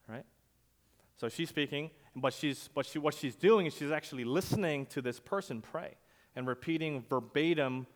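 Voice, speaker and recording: A male pastor preaching a sermon, telling stories conversationally and swinging from loud emphasis to quiet asides. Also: mid-range voice. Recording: long hall reverb.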